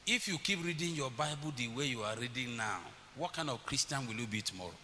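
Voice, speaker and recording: A fast-talking middle-aged pastor delivers a sermon in a church hall, his medium-pitched voice expressive, bright and forceful. He weaves in family anecdotes, performing his kids' voices, against long church reverb and faint hiss.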